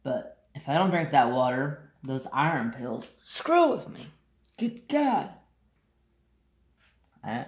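A man's voice: mid-range voice, reverberant. A man chatting casually to camera, telling a rambling story and sidetracking often, with blunt, offhand asides. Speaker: craft vlogger.

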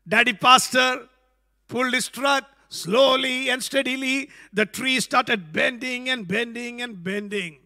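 A man preaching a sermon to an empty church, telling a story slowly with many fillers. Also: very high-pitched, sharp tone, in a large hall. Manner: slow, hesitant, many fillers. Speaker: pastor. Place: church without congregation.

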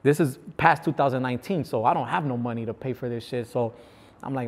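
A man's voice: mid-range voice, fast talker, long reverb tail. A man from Los Angeles, a guest telling prison stories in casual, slangy talk, acting out what others said. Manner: animated, slangy, acts out other people's lines. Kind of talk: casual storytelling.

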